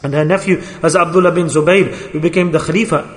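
Guy giving a sermon, talks fast, gets all emotional and humble, big roomy hall sound. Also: a little high, fairly even intonation. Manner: emotional, self-deprecating, pleading. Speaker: preacher. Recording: echoey hall.

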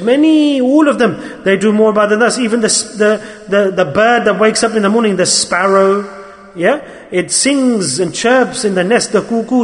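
High pitched guy preaching a sermon, earnest and repetitive, big echoey hall. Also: fairly bright tone. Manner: earnest, repetitive, mixes Arabic religious terms into English.

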